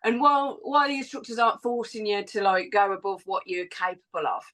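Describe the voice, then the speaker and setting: A woman fitness instructor, a guest in a casual interview, telling her story in a chatty, animated way with fillers. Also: mid-range voice, fairly quick.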